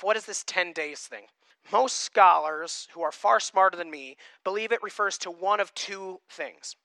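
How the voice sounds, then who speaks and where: Man, pastor, sermon, high voice, emphatic, dry sound. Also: gravelly, no room sound. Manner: emphatic, swings from loud to quiet.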